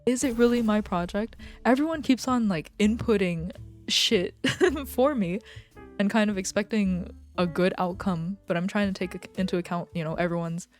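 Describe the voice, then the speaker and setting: A woman's voice: medium pitch, normal speed. A young woman streamer chatting casually with her viewers, swearing freely and venting, with faint music behind her.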